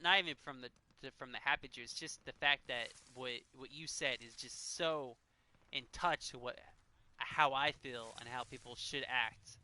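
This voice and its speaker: A man's voice: mid-range voice, moderate pace, bright, forceful tone. A man in his thirties, a game streamer talking earnestly and emotionally, choked up and sighing often. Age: 30s. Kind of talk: casual chat while gaming.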